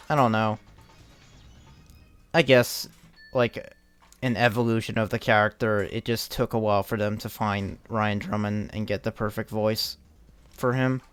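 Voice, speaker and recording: Live-streaming a game, a young man talks casually in a medium-pitched voice with a clean tone. His commentary wanders, he often restarts what he's saying, and now and then he swears.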